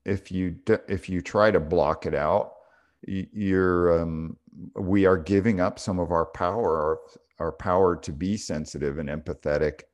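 A man's voice: low-pitched, fairly even intonation, a little slow. A middle-aged man telling a story on a casual spiritual podcast, reflective and full of small restarts. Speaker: podcast co-host.

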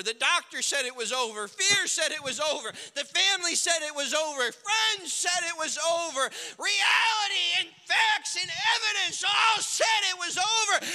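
A male pastor preaching a sermon, moving between quiet storytelling and loud, shouted declarations while acting out the people in the story. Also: extremely high pitch, in a large hall. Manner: swings from hushed storytelling to shouted preaching, acts out characters.

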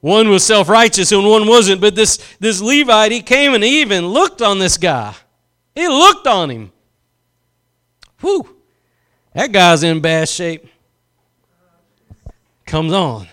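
A man preaching a sermon with passion, building slowly with emphasis and dropping into soft asides. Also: high voice, big pitch swings. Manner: impassioned, swings between slow emphatic build-ups and soft asides.

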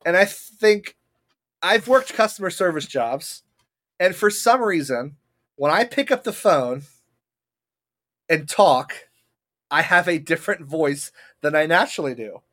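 A podcast co-host in casual chat who tells stories in an animated way and laughs often. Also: medium pitch, unhurried, pauses often.

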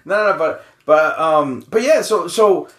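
A man's voice: on the high side, lively intonation, unhurried, fairly bright tone, roomy sound. A man co-hosting a casual chat, ranting with swearing and rhetorical questions. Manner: profane, rants with rhetorical questions.

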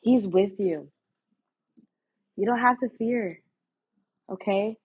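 Taking her time, this woman speaks at medium pitch with some breathiness as she hosts a podcast. Her devotional message is sincere yet casual and sermon-like, heavy on fillers, captured in phone-quality, lo-fi sound.

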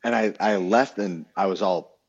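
A man's voice: low voice, normal speed, gravelly, breathy edge. A young man telling a rambling story in casual chat, with many restarts. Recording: dull lo-fi sound.

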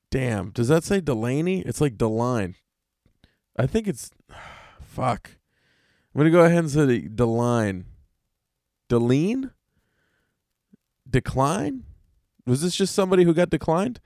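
A man's voice: fairly high pitch, very animated, a little slow, pauses often, dry recording, clean studio sound. A man hosting a solo podcast, talking in a casual, rambling and exasperated way, full of swearing. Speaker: podcast host.

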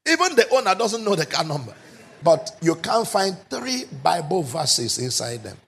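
A man preaching a sermon as pastor, emphatic and often shouting, with rhetorical questions to the congregation. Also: fairly high pitch, sing-song, moderate pace, gravelly, slightly rough.

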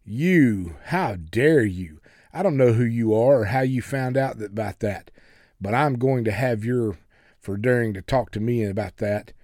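Man doing a raging spoiled young woman, shrill, insulting, yelling, dry close sound. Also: moderate pace, no echo, natural voice. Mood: enraged. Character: spoiled, furious young woman in hospital bed.

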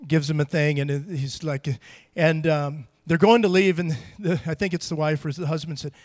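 High-voiced man preaching conversationally. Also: moderate pace. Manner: conversational, animated, acts out quotes with emphasis. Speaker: pastor. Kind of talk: sermon.

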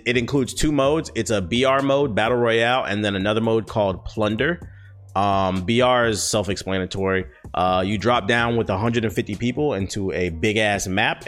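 An American man hosting a solo podcast, talking loosely with lots of fillers and swearing, swinging between excited bursts and low mutters. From United States. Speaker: podcast host. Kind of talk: casual solo podcast monologue.

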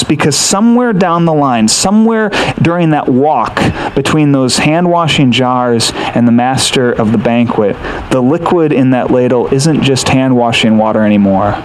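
A man delivers a sermon in an earnest teaching manner, walking listeners through a scripture passage. His voice sits at an ordinary pitch, and he keeps asking rhetorical questions to draw them in. A faint layer of noise runs under the recording. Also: low-quality recording. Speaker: pastor.

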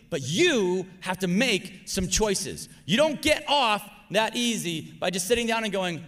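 A male pastor preaching with real force. His voice sits high and sounds bright and sharp. He urges the congregation to answer back, with passages that surge loud and others pulled down soft. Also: big pitch swings, normal speed. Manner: emphatic preaching, swings from loud exhortation to hushed tones. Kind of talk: sermon.

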